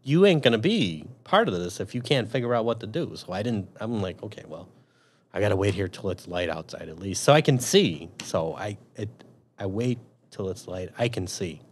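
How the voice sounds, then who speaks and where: A man's voice: on the low side, moderate pace, slightly rough. A man, an army veteran and police officer, telling a long story in a casual interview, swearing freely and acting out what he thought back then. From Chicago. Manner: profane, animated storyteller acting out his own past thoughts.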